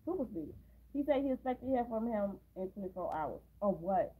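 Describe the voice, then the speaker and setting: A movie reaction host recaps a film scene by scene in a casual way, dropping blunt, sarcastic asides. Her medium-pitched voice is brisk and breathy-edged with big pitch swings, and the recording sounds tinny, like a phone.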